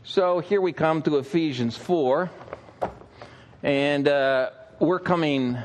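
A male pastor preaching a sermon, telling stories conversationally with frequent fillers. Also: medium pitch.

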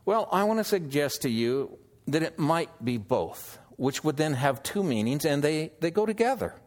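A man preaching an expository sermon, teaching slowly through scripture and asking the listeners questions. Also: a little high, sing-song. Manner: slow, measured teaching with scripture quotes; emphatic, questioning delivery.

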